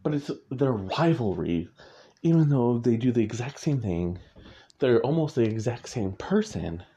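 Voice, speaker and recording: A man's voice: medium pitch, sing-song, measured pace, mellow, slight background noise. A man, an author, talking casually about his writing in a rambling way, correcting himself and chuckling often. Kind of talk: casual chat. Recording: muffled lo-fi recording.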